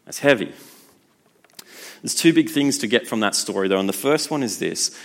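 A man preaching a sermon in a conversational, lively way. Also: lowish voice, moderate pace, gravelly. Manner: conversational, lively, acts out voices.

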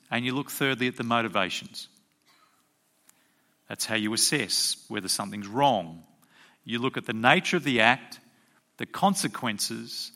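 A man's voice: mid-range voice, bright, forceful tone. A man preaching a sermon as pastor, emphatic and full of rhetorical questions to his congregation.

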